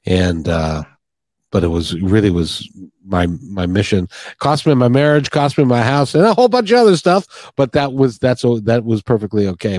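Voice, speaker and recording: Podcast host, male, rambling and sincere, slightly low, dry close recording. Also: darkish tone, dry recording. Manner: rambling, earnest, with many restarts. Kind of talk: heartfelt podcast interview chat.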